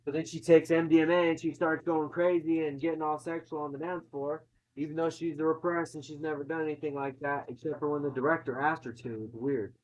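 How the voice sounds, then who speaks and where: A man's voice: a little high, fairly even intonation, a little fast, darkish tone, rough recording. A man casually retelling a film's plot, swearing and acting out quotes, in a chatty movie-recap conversation.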